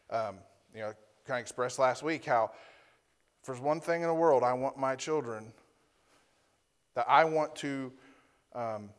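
A male pastor preaching to a congregation in a church, reading Scripture aloud, explaining Hebrew and Greek words and often ending his points with a rhetorical "right?". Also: mid-range voice. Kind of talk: sermon.

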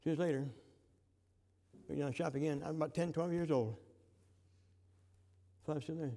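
A man preaching a sermon, fervent, swinging from loud to hushed. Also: on the high side, fairly even intonation, moderate pace, long pauses. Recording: long hall reverb.

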